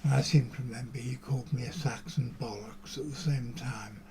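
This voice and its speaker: A man's voice: medium pitch, brisk, dark tone, a little hiss or hum. A man, hosting a show and talking in a rambling, chatty monologue full of musing asides. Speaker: podcast host. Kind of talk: casual monologue to camera.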